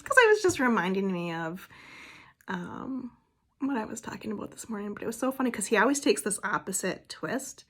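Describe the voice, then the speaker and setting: A woman vlogger in casual, rambling personal chat, now and then soft-spoken and emotional. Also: medium pitch, big pitch swings, fairly quick, husky.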